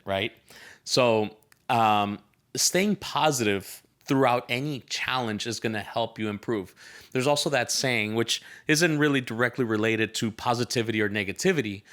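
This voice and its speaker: A man's voice: fairly low pitch, a bit bright. A man, a real estate agent, giving a casual motivational talk to the camera, rambling and correcting himself as he tells a joke. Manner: upbeat, rambling, storytelling with self-corrections. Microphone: camera mic, filmed by a team member.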